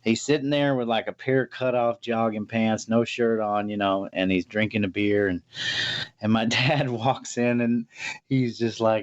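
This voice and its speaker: A man who works as a bail bondsman, telling a story in a profane, animated way over a video call and acting out every character. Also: fairly low pitch, normal speed, no echo, muffled recording. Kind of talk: casual storytelling.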